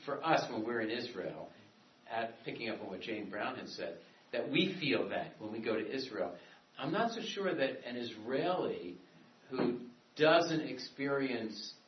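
A man's voice: mid-range voice, very animated, normal speed, slight background noise. A man giving a classroom lecture, talking in a discursive, conversational way with many asides and restarts. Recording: echoey room from a distance, dull and muffled.

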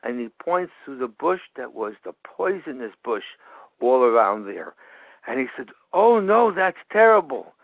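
A man's voice: mid-range voice, expressive, normal speed, vocal fry, no room sound. A man teaching a sermon through a parable. He tells the story with frequent repetitions and restarts. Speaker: Torah teacher. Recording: tinny phone-like radio broadcast.

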